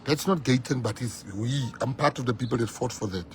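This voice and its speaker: South African male politician, fiery rally speaker, loud peaks, slight background hiss. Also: mid-range voice, brisk. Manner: fiery, switching between English and Afrikaans, shouting at peaks. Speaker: political leader. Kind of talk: rally speech.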